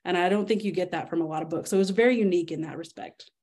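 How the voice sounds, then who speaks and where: A woman guest on a library podcast, summarizing a book in a steady, clear way. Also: on the low side, rapid-fire. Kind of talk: casual book talk.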